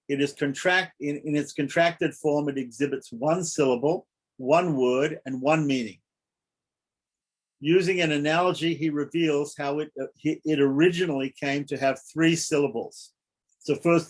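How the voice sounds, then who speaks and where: Male scripture teacher, slightly high voice; emphatic, repeats for stress, checks in with "right?". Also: moderate pace. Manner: explains step by step, asks "right?". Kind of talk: lecture on scripture.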